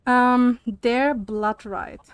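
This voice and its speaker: A young woman streamer chatting casually while she plays, ranting about things and laughing as she goes. She talks slowly with a slightly high voice and swears freely. The sound is dry and close on a desk mic. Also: fairly even intonation, clean tone, no room sound. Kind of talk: casual chat while gaming.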